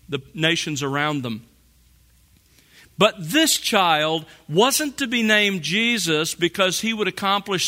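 A man preaching a sermon, slow and deliberate, drawing out key phrases for emphasis. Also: fairly high pitch, bright, forceful tone. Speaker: pastor.

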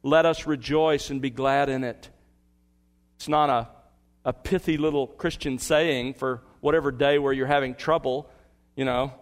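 A man preaching a sermon as a pastor, rising to emphatic, impassioned peaks and dropping to soft, earnest appeals. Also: mid-range voice, fairly even intonation, moderate pace.

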